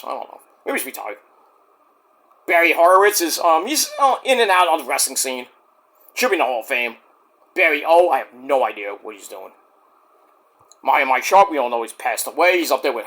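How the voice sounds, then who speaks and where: A man's voice: a little high, expressive, a little fast, bright, forceful tone. A man reviewing a wrestling show in casual, rambling, profane chat. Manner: rambling, profane, many fillers.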